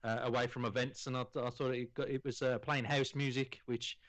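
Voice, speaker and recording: A man's voice: medium pitch, little pitch movement, a little fast, a bit bright, no room sound, low-quality recording. A man co-hosting a gaming podcast, talking in a chatty, rambling way with many fillers. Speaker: podcast co-host. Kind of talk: casual podcast chat.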